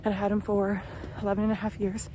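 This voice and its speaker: A woman in her thirties, telling a story in a relaxed walk-and-talk vlog, outdoors on a phone camera. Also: mid-range voice, fast talker, a little hiss or hum. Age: 30s. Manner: chatty storytelling, acts out quoted voices. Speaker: vlogger.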